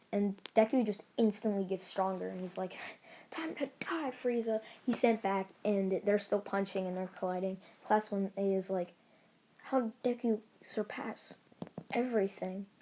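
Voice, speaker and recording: Woman rambling thru a fan story, lots of likes and ums, mellow voice. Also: mid-range voice. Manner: rambling, full of fillers and restarts. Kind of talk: casual retelling of a fan story.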